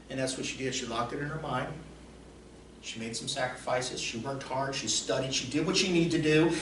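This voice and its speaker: A motivational coach tells stories emphatically, repeating lines and swinging between quiet and loud delivery. His voice sits high for a man. It sounds captured from a distance in a roomy, echoing space with faint noise. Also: moderate pace.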